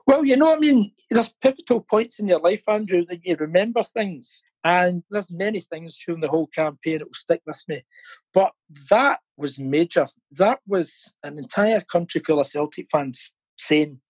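A man's voice: high-pitched, animated, normal speed, darkish tone, husky, no room sound, poor audio. A middle-aged man, telling stories as an interview guest, laughing often and repeating words as he thinks. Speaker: interview guest, fan campaigner. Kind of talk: casual storytelling interview. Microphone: phone or video call.

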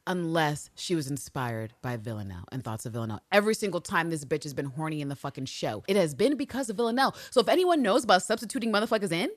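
A woman co-hosting a podcast in casual chat, animated and profane, acting out scenes in quick put-on voices. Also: deep voice, no room sound, studio quality. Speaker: podcast co-host.

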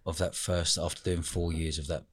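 A man's voice: low voice, little pitch movement, moderate pace, husky. A man hosting a podcast interview, asking casual, prompting questions with slang. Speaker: podcast host.

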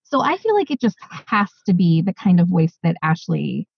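A woman co-hosting a podcast in easy, excited chat, full of fillers and asides. Her voice is husky and breathy, and the sound is dry and a little muffled. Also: fairly low pitch, moderate pace, no echo. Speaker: podcast co-host. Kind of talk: casual chat.

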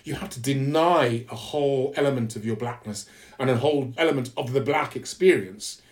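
A man from London with an English accent, a podcast guest talking candidly and reflectively, often restarting his sentences. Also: mid-range voice. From London, England. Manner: earnest, reflective, halting with restarts. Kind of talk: candid conversational interview.

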